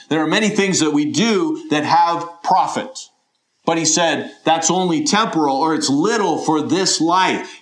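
A middle-aged man preaching a sermon in an earnest, questioning way, often voicing imagined listeners. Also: on the high side. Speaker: pastor.

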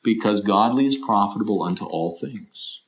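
A man's voice: on the low side, animated, normal speed. A middle-aged man preaching a sermon in an earnest, questioning way, often voicing imagined listeners. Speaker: pastor.

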